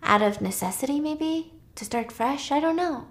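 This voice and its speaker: Brief: woman doing a reclusive, prickly woman, high and hesitant, in a casual retelling. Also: lively intonation, moderate pace. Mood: uneasy.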